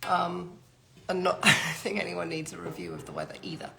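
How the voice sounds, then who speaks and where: A woman's voice: on the low side, big pitch swings, brisk, gravelly, bright, forceful tone. A middle-aged woman hosting a live design Q&A, chatting and reading out viewers' greetings. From Britain. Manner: chatty, repeats greetings, reads out comments. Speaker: interior design host.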